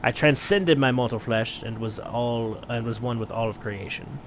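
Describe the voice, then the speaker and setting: A man voicing a blind retired mercenary turned wine merchant, measured, courteous and wordy, for a game playthrough. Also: medium pitch, a little hiss or hum, lightly acted. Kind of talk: let's play voice acting.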